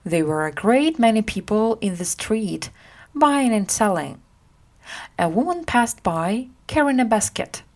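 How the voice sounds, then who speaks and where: Woman reading a storybook audiobook slowly, pitch moves a lot. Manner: slow, clear, expressive. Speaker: reader. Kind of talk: graded-reader audiobook narration.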